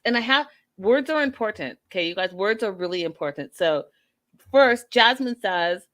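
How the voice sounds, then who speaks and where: A woman's voice: mid-range voice, expressive, measured pace, sharp tone. A woman hosting a casual reality TV recap, sassy and blunt with an exasperated edge. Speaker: podcast host.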